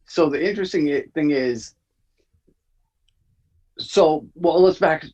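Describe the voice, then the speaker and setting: A man's voice: fairly high pitch, takes it slowly, muffled recording, a crowd in the background. A man co-hosting a casual podcast review chat, rambling with many fillers and restarts. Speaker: podcast co-host.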